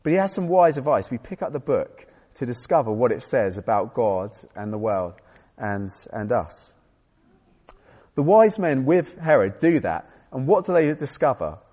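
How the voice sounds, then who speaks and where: A man's voice: medium pitch, lively intonation, normal speed, dark tone, slightly rough. A man preaching a conversational sermon with self-deprecating humor and frequent restarts. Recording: dull sound in a reverberant hall.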